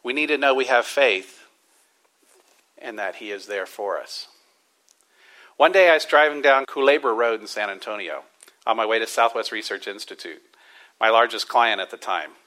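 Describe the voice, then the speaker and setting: A man preaching a sermon to a church congregation, stressing words with slow emphasis and then dropping to a quiet hush. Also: mid-range voice, rough recording. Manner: emphatic preaching with drawn-out stresses and sudden soft drops. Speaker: pastor.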